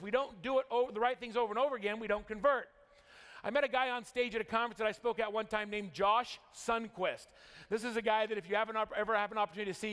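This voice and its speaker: A middle-aged man from Utah giving a motivational convention keynote, telling a story with big rises and sudden drops. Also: extremely high pitch. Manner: energetic storytelling, rising and dropping for drama. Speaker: motivational speaker. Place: large convention hall. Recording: long hall reverb.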